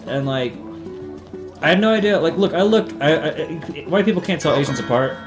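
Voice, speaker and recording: A man's voice: medium pitch, quick pace. A young man doing casual, profane, sarcastic commentary while playing a video game. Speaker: let's play host. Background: game music.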